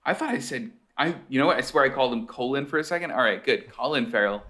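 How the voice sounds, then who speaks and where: A man's voice: mid-range voice, lively intonation, fast talker, bright, forceful tone. A man co-hosting a casual podcast over a video call, enthusiastic and self-deprecating. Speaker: podcast co-host. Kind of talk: casual chat.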